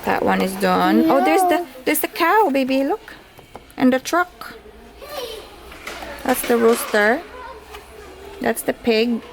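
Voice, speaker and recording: A woman showing a baby a sound book, speaking in a gentle sing-song and imitating animal noises. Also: high-pitched, animated, slow, creaky, long pauses. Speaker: caregiver playing with a baby.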